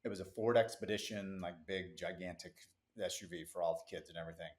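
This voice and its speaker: A middle-aged business founder, a man, telling a lively story as a podcast guest, with quick asides and easy laughs. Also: low-pitched. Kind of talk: casual interview storytelling.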